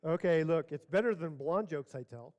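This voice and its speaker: Guy pastor, high voice, folksy storytelling sermon, big echoey church hall. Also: animated, normal speed, darkish tone, muffled recording.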